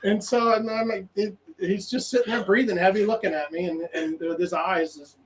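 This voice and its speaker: A man with a high voice, talking a little fast, guests on a podcast while a crowd can be heard behind him on a low-quality recording. Animated and laughing, he rambles through a casual story, restarting often and quoting what he said to himself.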